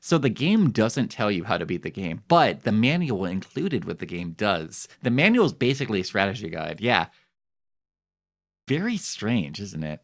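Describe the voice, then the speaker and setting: A man streaming a video game, chatting casually and getting excitable, his voice jumping up when amused. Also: moderate pace. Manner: excitable, jumps high when amused or surprised. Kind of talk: casual live-stream chat while playing a game.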